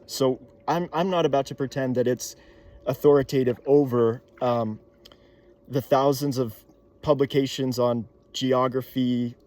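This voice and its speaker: Young man, casual musing monologue, halting with ums and restarts, mid pitch. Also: darkish tone. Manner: thinking aloud with many fillers and restarts.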